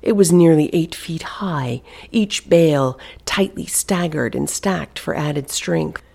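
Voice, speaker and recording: A narrator reading a suspenseful novel aloud, in a hushed delivery that often drops to a whisper. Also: mid-range voice, slow, creaky, breathy edge. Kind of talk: audiobook narration.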